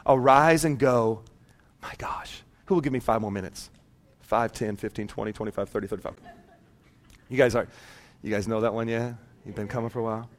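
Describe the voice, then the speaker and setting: A man's voice: fairly low pitch, fast. A man in his thirties preaching a sermon, telling a personal story and calling out to the congregation. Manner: animated storytelling, calls out to congregation. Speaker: pastor.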